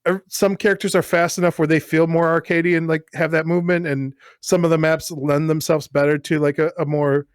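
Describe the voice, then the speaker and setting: A man co-hosting a podcast in casual chat, rambling and animated with lots of fillers. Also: fairly high pitch, a little fast, few pauses, no room sound, studio quality. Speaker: podcast co-host.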